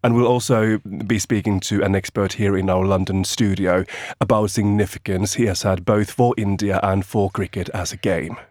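A man from Finland, a radio producer, chatting lively in a studio and laughing easily. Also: fairly low pitch, normal speed, dry recording. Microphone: studio microphone.

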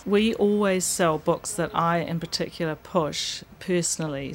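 Kiwi bookshop owner lady, low flat voice, chatty, bit of background noise. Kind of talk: recorded interview clip.

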